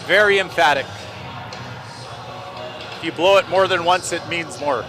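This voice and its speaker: A man calling hockey play-by-play in a rapid running stream, with dry joking asides between plays. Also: on the high side, music in the background. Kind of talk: play-by-play sports commentary.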